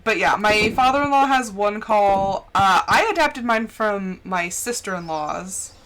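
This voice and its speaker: A woman's voice: medium pitch, animated, measured pace, a bit bright, a little hiss or hum. A young woman with a General American accent, from the central United States, chatting casually on a gaming stream from home into a close mic, giggling often. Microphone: close desk mic.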